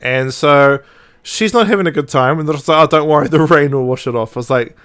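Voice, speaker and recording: A man's voice: fairly high pitch, fast talker, clear, resonant tone. A man hosting a podcast, retelling a story in casual chat and acting out the quoted lines. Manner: chatty, animated, acts out quoted dialogue with laughs. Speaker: podcast host.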